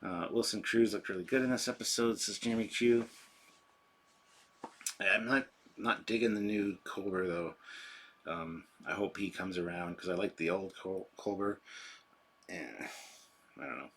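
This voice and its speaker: A man's voice: sits low, unhurried, long pauses, fairly bright tone, slightly rough. A man hosting a casual livestream, rambling and chatty as he reads and answers chat on a sensitive microphone. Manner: rambling, chatty, self-deprecating. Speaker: livestream host. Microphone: sensitive desk microphone.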